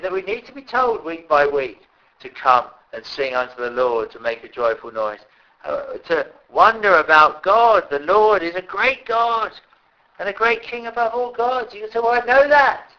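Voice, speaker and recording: A man preaching a sermon in an earnest way, rising to loud pleading calls at times. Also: fairly high pitch, lo-fi sound.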